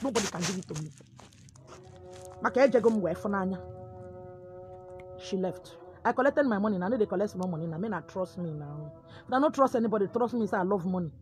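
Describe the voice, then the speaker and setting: A woman with a Nigerian accent telling a comic first-person story, dramatic and lively. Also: medium pitch. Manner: dramatic, lively, code-switching.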